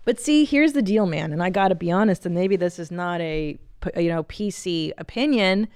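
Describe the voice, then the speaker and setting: A woman's voice: on the low side, moderate pace, clean tone, no room sound, studio quality. A middle-aged woman hosting a casual podcast, reading a listener email aloud and chatting with candid, profane humor. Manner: candid, animated, profane, laughs often. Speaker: podcast host.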